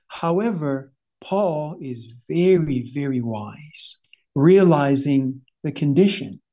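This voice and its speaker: Slow, husky-voiced Bible study teacher. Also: medium pitch, dark tone. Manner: earnest, with fervent "oh, Lord" asides and repeated words.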